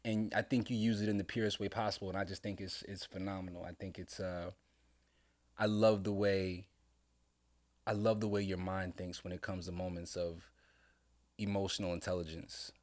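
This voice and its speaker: Middle-aged man, fairly low voice, earnest heartfelt chat, laughing storyteller. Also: little pitch movement, normal speed, a little mellow. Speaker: podcast co-host, father. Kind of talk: casual father-son conversation.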